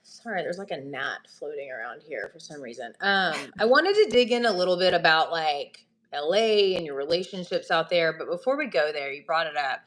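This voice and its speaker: A woman's voice: deep voice, expressive, fairly quick, few pauses, a bit bright, slight background noise. A woman hosting a podcast, asking friendly questions with restarts. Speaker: podcast host. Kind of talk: casual interview chat.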